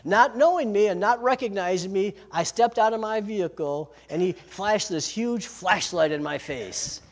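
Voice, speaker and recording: A man preaching a sermon, lively and slowing down on key phrases. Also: sits high. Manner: lively preaching, slows for emphasis. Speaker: pastor.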